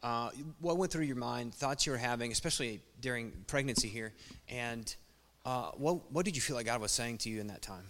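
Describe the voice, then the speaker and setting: A man's voice: mid-range voice, a little fast, a bit bright. A man pastor speaks casually on stage, asking a colleague about a hard time. His delivery is easygoing and lightly joking. The church hall gives his voice a long reverb.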